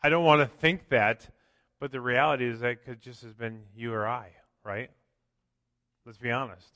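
A man's voice: medium pitch, steady tone, normal speed, bright, forceful tone, no echo, clean studio sound, long reverb tail. A man preaching a sermon as pastor, conversational, often tossing in "right?" and acting out quotes. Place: church sanctuary.

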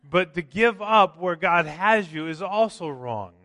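A man's voice: high voice, animated, measured pace, bright, forceful tone, no echo, big-room sound. A man preaching a sermon as pastor, conversational, often tossing in "right?" and acting out quotes. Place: church sanctuary.

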